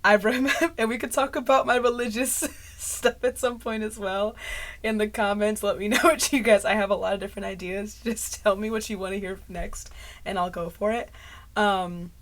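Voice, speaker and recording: A woman chatting straight to her camera in a loose, rambling vlog, jumping from thought to thought and laughing at her own slips. Her voice is bright and forceful, close on a mic that runs hot. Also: mid-range voice, fairly even intonation, moderate pace. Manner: rambling stream of consciousness, often laughing at herself. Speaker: vlogger. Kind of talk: casual talking-head chat. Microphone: mic close to clipping.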